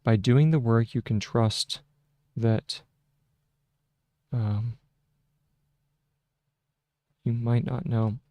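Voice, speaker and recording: A man's voice: medium pitch, fairly even intonation, warm tone, no echo. A man hosting a casual shorthand tutorial, thinking aloud at his desk into a close microphone, with frequent fillers and restarts. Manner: slow, halting, with many fillers and restarts. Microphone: close desk microphone with a mute button.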